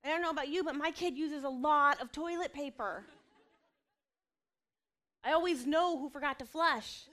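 A woman's voice: sits high, moderate pace, pushed and bright. A woman in her thirties, a mother speaking candidly and earnestly about her faith and family, with self-deprecating asides. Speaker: mother sharing a personal testimony. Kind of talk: candid personal talk.

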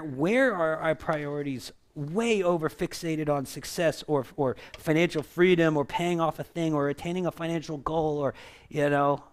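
A man preaching a conversational sermon, animated and full of asides, then leading a prayer. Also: on the high side. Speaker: pastor.

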